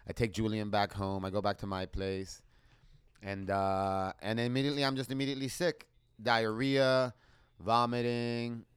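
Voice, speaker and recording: A young man with a low, smooth and resonant voice tells a story in loose, casual podcast chat. He gets animated, swears freely and acts out both sides of the exchanges he describes. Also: moderate pace.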